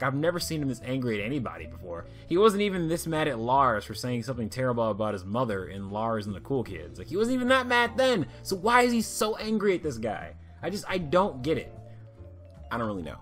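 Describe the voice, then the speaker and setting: Animated, bright-voiced young man ranting. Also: mid-range voice. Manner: rambling, swears freely, laughs at own jokes. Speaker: online cartoon reviewer. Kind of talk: casual episode review.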